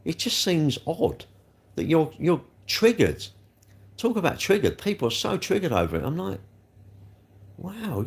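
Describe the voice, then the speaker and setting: A man's voice: fairly high pitch, gravelly. A man, a car dealer hosting a casual livestream, ranting in an exasperated, rambling way and firing rhetorical questions at his viewers.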